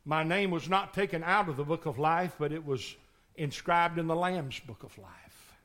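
A man in his sixties preaching a passionate sermon, shouting one moment and pleading quietly the next. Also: on the high side, moderate pace. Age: 60s. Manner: impassioned, swings from shouting to hushed pleading. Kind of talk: revival sermon.

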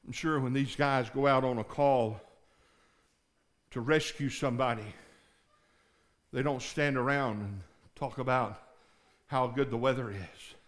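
A male pastor preaching a sermon, dropping to low murmurs and rising to shouted, pleading prayers. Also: unhurried, pauses often.

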